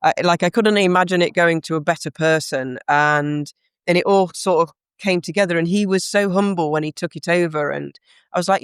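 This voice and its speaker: A woman's voice: fairly low pitch, brisk, clear, resonant tone, no echo, clean studio sound. A woman guest in a podcast interview, telling a heartfelt, reflective story about her career.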